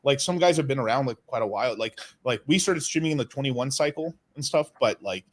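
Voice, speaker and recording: A man hosting a casual crypto livestream chat, excitable, swearing often and restarting his sentences. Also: mid-range voice, fairly quick.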